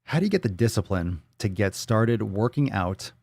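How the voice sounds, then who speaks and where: Gravelly guy hosting a live stream, cussing and blunt, dry close mic. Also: fairly low pitch, big pitch swings, normal speed, darkish tone, no room sound. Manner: blunt, profane, fired-up. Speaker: livestream podcast host. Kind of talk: casual livestream chat with profanity.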